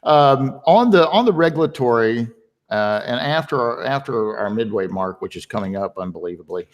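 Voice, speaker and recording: A man hosting a webinar in casual conversation, chatty and telling stories with lively quoted voices. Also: medium pitch, normal speed. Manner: chatty, tells anecdotes with animated quoted voices. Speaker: webinar host.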